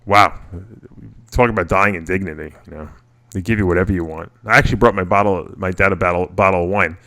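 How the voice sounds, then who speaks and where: A middle-aged man with a low voice that still has a bright, forceful edge. He hosts a casual radio chat and tells long personal stories, stopping and restarting his sentences as he goes. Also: steady tone, fast. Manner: rambling, personal storytelling with many restarts. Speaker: podcast host.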